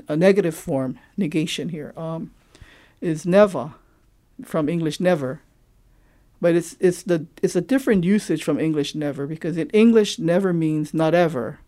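A man from Hawaii explains the grammar of the local creole, stopping often to hunt for the right example. His voice sits a little high for a man but sounds dark and mellow. He teaches patiently and thoughtfully. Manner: thoughtful, halting, searching for examples.

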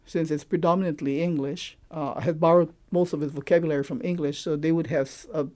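A man from Hawaii who teaches the local creole, explaining its grammar through examples in a thoughtful, halting way, often pausing to search for words. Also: on the high side, steady tone, darkish tone.

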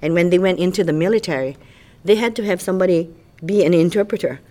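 An older woman with a Hawaiian accent chats easily in a fairly low voice. She reminisces about her school days and slips comfortably into pidgin. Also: fast, warm tone. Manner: chatty, switches into pidgin. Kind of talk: reminiscing in a group conversation.

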